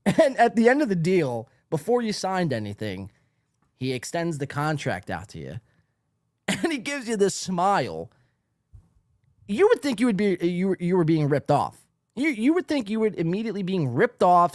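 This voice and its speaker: A man's voice: on the high side, big pitch swings, moderate pace, no room sound. A man hosting a podcast, ranting in a profane, mock-outraged monologue into a studio mic. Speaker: podcast host.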